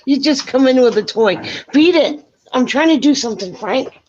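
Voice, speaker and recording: A woman with a Boston accent chatting excitably on a live video call, laughing often and scolding her dog between sentences. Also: high-pitched, moderate pace, a little hiss or hum. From Massachusetts, USA. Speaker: reading guest. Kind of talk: casual live-stream chat. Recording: dull lo-fi video call audio.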